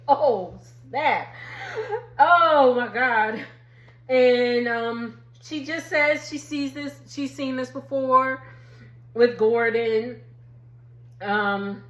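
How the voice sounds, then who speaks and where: A woman's voice: fairly high pitch, a bit bright, roomy sound. A woman, chatting casually through a TV recap and laughing as she acts out quotes. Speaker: reality TV recap YouTuber.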